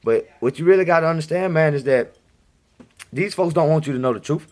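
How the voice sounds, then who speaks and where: In a home recording, a video blogger gives his viewers a casual, rambling monologue, insistent and repeating himself. His voice is on the high side with a darkish tone, and he speaks briskly.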